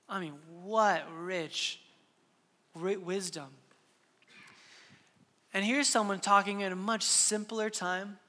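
A man's voice: high voice, steady tone, slow, long pauses, bright, forceful tone, in a large hall. A man in his thirties preaching a sermon earnestly, with frequent restarts and sudden drops to a whisper. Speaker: pastor.

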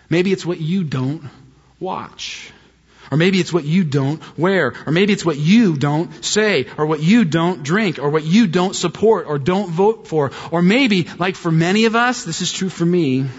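A middle-aged man preaching a sermon as a pastor, telling a story in a lively way and mimicking high-pitched voices in his quotes. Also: breathy edge. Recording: dull audio with long hall reverb.

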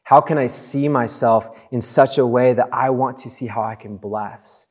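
A man preaching a sermon in an earnest, conversational way, slowing down for emphatic phrases. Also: mid-range voice, darkish tone. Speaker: pastor.

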